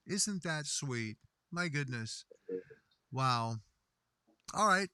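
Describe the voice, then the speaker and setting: Folksy middle-aged guy hosting a stream, bright voice, lots of ups and downs, dry sound. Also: a little high, animated, very slow, smooth, no room sound. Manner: folksy and effusive, Southern-style pleasantries. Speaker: host. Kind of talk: casual livestream chat, reading viewer comments.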